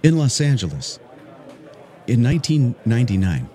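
A man voicing an earnest public-radio storyteller in a slow, measured mock documentary narration. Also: mid-range voice, very animated, mellow, lightly acted. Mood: solemn.

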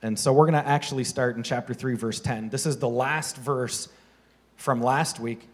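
A pastor giving a casual, conversational sermon, firing off rhetorical questions to the congregation. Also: male voice, medium pitch, steady tone, moderate pace.

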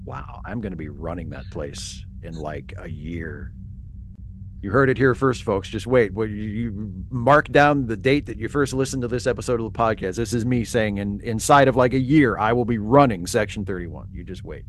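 A man playing a tabletop game, casually bantering in character and playing along deadpan. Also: on the low side, normal speed, a little hiss or hum. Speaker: player.

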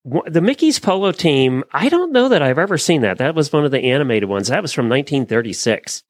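A man's voice: a little high, sing-song, fairly quick, no echo. A middle-aged man co-hosting a casual chat, easygoing and plainspoken, with frequent fillers. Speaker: co-host. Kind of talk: casual chat, reading news items.

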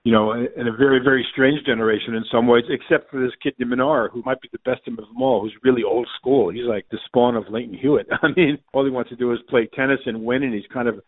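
A man's voice: mid-range voice, fairly even intonation, fast talker, hardly any pauses. Guy phoning in, sounds like a phone line, keeps saying you know. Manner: rambling, lots of you-knows and restarts. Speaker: tennis journalist guest. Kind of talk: phone interview.

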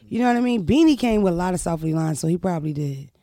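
A woman comedian from Philadelphia hosting her podcast, with loud, profane, animated banter. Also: fairly low pitch, very fast. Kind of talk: casual podcast chat.

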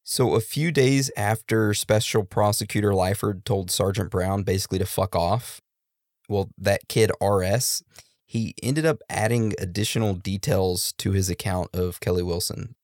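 A man's voice: on the low side, normal speed, darkish tone, no echo, clean studio sound. A man co-hosting a casual true-crime podcast, laid-back with joking asides. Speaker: podcast co-host.

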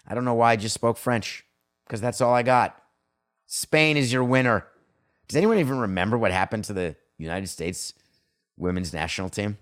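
A man's voice: mid-range voice, lively intonation, normal speed. A middle-aged man hosting a sports podcast, talking bluntly and conversationally with strong opinions. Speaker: podcast host. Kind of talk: solo sports talk podcast.

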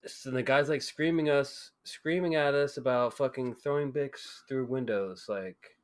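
A rambling, foul-mouthed man on a comedy podcast who tells stories in loose run-on bursts. His voice sits at an ordinary male pitch. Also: a little slow. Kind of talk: comedic banter.

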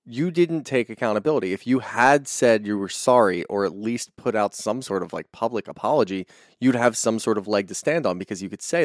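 A man's voice: lowish voice, animated, fairly quick, dry recording, studio quality. A man co-hosting a casual reality-TV recap podcast, speaking frankly and emphatically. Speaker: podcast co-host.

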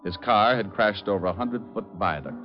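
An actor playing a wisecracking private detective who narrates in a wry, laid-back way, in 1940s radio acting from a muffled old broadcast. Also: male voice, on the low side, lively intonation, fairly quick, over music, natural voice. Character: wisecracking male private eye.

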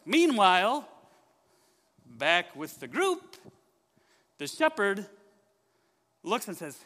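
A man preaching a sermon in church, telling a story with lively questions to the congregation. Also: high voice, slow, long pauses, in a large hall. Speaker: pastor.

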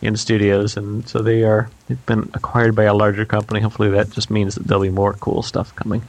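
A man hosting a podcast in casual chat, relaxed and halting, with frequent restarts and fillers. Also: fairly low pitch. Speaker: podcast host.

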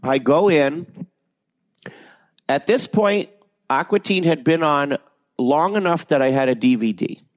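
A man who works as a voice actor, telling animated, self-deprecating stories in a casual interview and swearing freely. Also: a little high, unhurried, long pauses, no echo. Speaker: voice actor guest.

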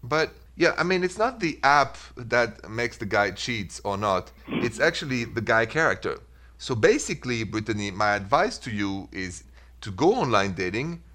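French-accented male advice host, upbeat call-in patter, average pitch. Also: very animated, moderate pace, pushed and bright. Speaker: radio advice show host.

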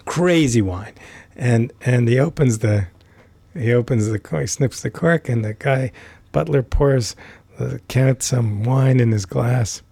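Male podcast guest, animated storyteller, dark husky voice, dry sound. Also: medium pitch, measured pace, no room sound. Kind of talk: anecdotal storytelling.

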